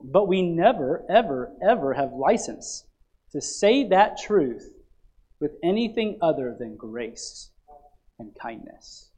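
A man preaching a sermon as pastor, swinging from loud emphatic passages to quiet low ones and asking the congregation to fill in words. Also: big pitch swings, slow pace, slightly rough.

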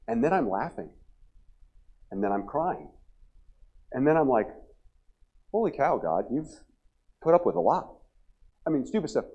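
A man in his forties, a pastor preaching a revival sermon, joking and telling stories, then pressing his point loudly. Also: medium pitch, husky, dull audio. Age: 40s. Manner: humorous storytelling, rising to loud emphatic preaching. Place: church sanctuary.

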